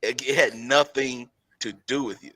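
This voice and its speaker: Medium-pitched and moderately paced, a man co-hosting a podcast chats casually in a dry recording. He spins animated stories, laughing often and going over the same points again.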